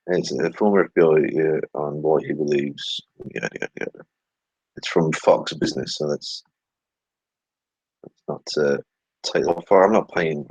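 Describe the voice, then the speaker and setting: A man's voice: rumbling low, a little mellow, husky, no room sound, highs cut off. A man hosting a casual commentary video, reading tweets aloud with sarcastic, swearing asides and muttered remarks. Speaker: channel host.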